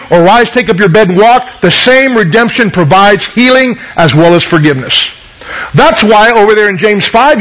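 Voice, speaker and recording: High-voiced male preacher on radio. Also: a bit bright, poor audio. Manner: earnest teaching, reads scripture aloud and asks the listeners questions. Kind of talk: sermon.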